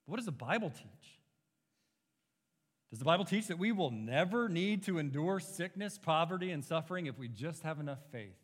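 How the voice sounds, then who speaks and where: A man's voice: on the high side, long reverb tail. A man preaching an expository sermon as a pastor, earnest and emphatic, pushing his rhetorical questions upward.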